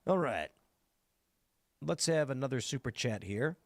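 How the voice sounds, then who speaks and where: A man's voice: mid-range voice, measured pace, no room sound. A man hosting a casual political panel show, reading viewer comments and animatedly quoting people. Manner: animated, mimics voices when quoting. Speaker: show host.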